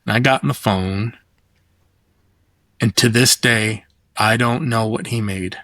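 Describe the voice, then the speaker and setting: A middle-aged man chatting as a podcast guest, rambling and profane as he tells animated stories. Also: lowish voice, a little slow, dry recording. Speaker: guest designer. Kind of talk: casual podcast chat.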